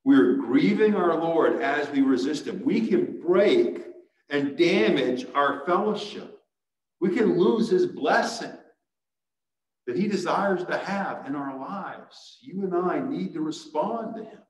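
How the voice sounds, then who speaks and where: Earnest preacher in an echoey sanctuary. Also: male voice, a little high, animated, slow. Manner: earnest, rising to urgent exhortation. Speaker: pastor. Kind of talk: sermon. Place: church sanctuary. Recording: echoey church sanctuary, mic at a distance.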